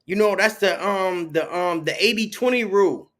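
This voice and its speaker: Man guest, relaxed slangy storyteller with a slightly raised voice, does the quoted voices himself. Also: sits high, normal speed. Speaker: podcast guest, author. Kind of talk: casual conversation.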